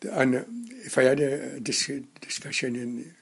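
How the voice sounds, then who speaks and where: A man in his nineties reminiscing in casual conversation, a halting storyteller who rambles and restarts his sentences. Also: medium pitch, level tone, gravelly, breathy edge. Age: 90s. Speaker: interviewee.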